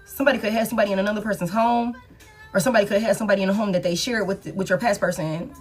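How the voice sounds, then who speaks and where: A woman's voice: medium pitch, fairly even intonation, rapid-fire, soft background music. A woman giving a casual tarot reading, speaking in a slangy, emphatic and repetitive way, with frequent swearing. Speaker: tarot reader.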